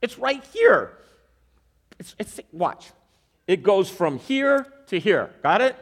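Slow and high-pitched, a man delivers a sermon built around a magic trick used as an object lesson. He questions and checks in with his listeners often, repeating verses to stress them.

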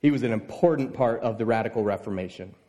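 A man preaching a sermon, telling a scripture story with lively, voiced exclamations. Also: lowish voice, fast talker.

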